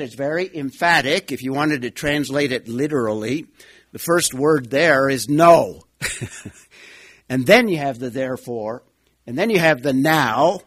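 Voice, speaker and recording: A man's voice: medium pitch, fairly bright tone, no echo. A man giving an expository Bible teaching, explaining a passage in an emphatic, repetitive way. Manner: emphatic, explanatory, repeats key points.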